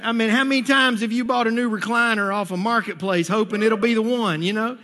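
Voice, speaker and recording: A middle-aged church pastor preaches in a sanctuary, weaving scripture together with funny stories in a high, bright voice at a brisk pace and steady tone. He stammers when restarting and acts out the people he quotes, while the long reverb of the church hall trails every word.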